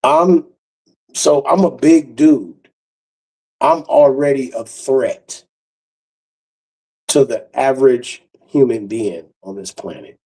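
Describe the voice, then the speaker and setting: A man telling a profane, animated story and acting out the other people's voices. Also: mid-range voice, takes it slowly, long pauses, poor audio. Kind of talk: casual storytelling monologue.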